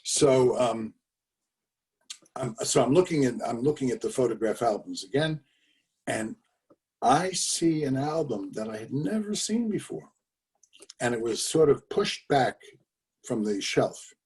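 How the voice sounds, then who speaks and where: A man's voice: medium pitch, lively intonation, a little slow, pauses often, a little mellow, distant mic. An older man telling a family story in a conversational way, over a video call, with fillers and emphatic repetitions. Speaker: speaker telling his father's story.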